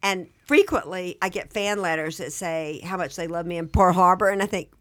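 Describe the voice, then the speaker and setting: Southern-accented actress telling stories. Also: female voice, lowish voice, fairly quick. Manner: animated, self-deprecating anecdotes. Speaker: guest actress. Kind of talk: casual interview storytelling.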